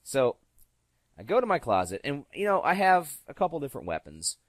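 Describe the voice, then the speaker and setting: A man telling stories in a casual podcast chat, animated and acting out the voices of the people in them. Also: fairly high pitch, a little fast, no room sound. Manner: animated, acts out quoted voices. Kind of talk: casual storytelling.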